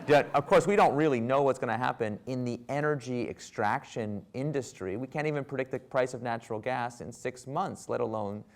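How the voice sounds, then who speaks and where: A man in his thirties from the United States, giving a public talk with wry, animated storytelling that acts out dialogue. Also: medium pitch, normal speed. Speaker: author and speaker. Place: lecture hall with audience.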